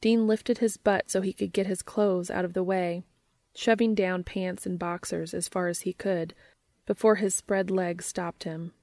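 A woman reading a story aloud in a low, gravelly voice with a steady, measured pace. The recording is dry and close, with no room sound. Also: dry recording. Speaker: reader.

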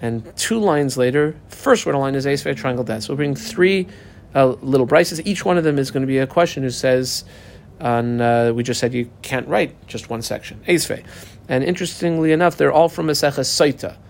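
A man teaching a Talmud class in a halting way, restarting his sentences and telling students which words to underline and mark. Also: medium pitch, gravelly, a little hiss or hum.

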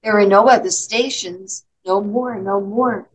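A woman voicing a kind male train conductor in a poem she reads aloud, speaking gently and comfortingly. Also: medium pitch, fairly even intonation, a little slow, husky, rough recording.

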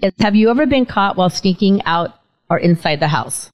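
A woman's voice: medium pitch, lively intonation, a little fast, rough recording. A middle-aged woman hosting a casual interview show, telling stories in a chatty way with an occasional stutter. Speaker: talk show host.

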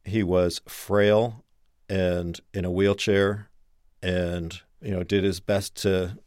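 Deep-voiced man explaining thoughtfully. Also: level tone, darkish tone, no room sound, studio quality. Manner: measured and thoughtful. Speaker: biographer. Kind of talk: explanatory interview commentary.

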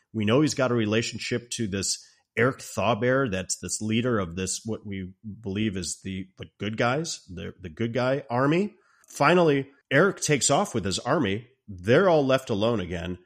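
A man casually recapping a fantasy film scene, retelling it in an animated way and acting out the lines. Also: mid-range voice. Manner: animated storytelling, acting out quotes. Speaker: podcast co-host.

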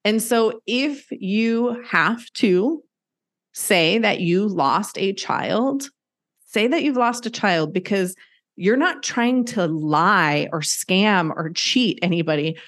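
Slowly and expressively, in a medium-pitched and slightly bright voice, a middle-aged guest recounts the loss of her pet. She talks candidly, earnestly and with emphasis, dramatizing what people said to her.

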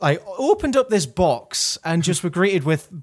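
A man chatting casually as a podcast co-host, telling a wry, animated story about an old job. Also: high voice, a little slow. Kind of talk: casual chat.

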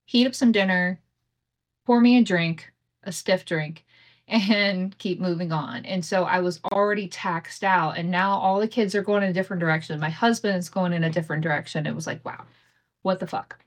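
A woman's voice: on the low side, moderate pace. A woman in her thirties hosting her own podcast, telling a family story in a candid, casual way, swearing freely and laughing often, recorded on a home setup with imperfect audio. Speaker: podcast host.

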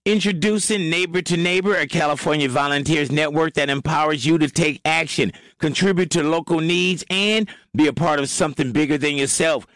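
Male ad read, slightly higher voice, playful, dry booth sound. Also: fairly quick, hardly any pauses, a bit bright, no room sound. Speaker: ad announcer. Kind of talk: scripted ad read.

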